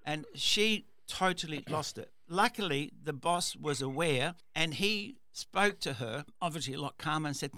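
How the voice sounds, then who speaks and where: A man's voice: on the high side, expressive, normal speed, few pauses, sharp tone, no room sound. A man hosting a radio talk show, telling a story in a rambling way, with repeated words and restarts. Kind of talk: casual storytelling monologue.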